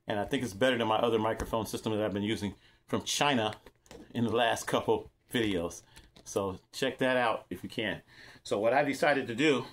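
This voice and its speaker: A man's voice: fairly low pitch, fairly bright tone. A middle-aged man from California who runs his own channel, casually showing off cheap microphone gear and giving tips in a rambling, repetitive way, talking straight to his viewers. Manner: rambling, repeats himself, talks straight to viewers. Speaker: vlogger reviewing gear. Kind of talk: casual show-and-tell demo.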